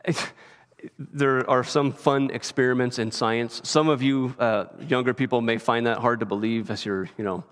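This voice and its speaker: A man's voice: mid-range voice, fairly even intonation, normal speed, fairly bright tone. Conversational preacher man in a reverberant hall. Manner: conversational, often checks in with "right?". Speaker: pastor. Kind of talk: sermon. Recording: long reverb of a large hall.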